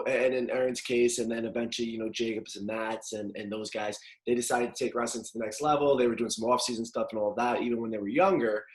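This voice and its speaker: A man's voice: mid-range voice, poor audio. A man in his thirties hosting a casual podcast, asking loose, rambling questions full of fillers. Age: 30s. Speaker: podcast host.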